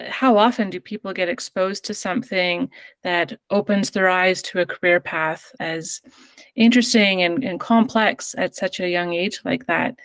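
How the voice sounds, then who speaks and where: A woman's voice: mid-range voice, dry recording. A woman interviewing guests, asking questions in an encouraging, enthusiastic way.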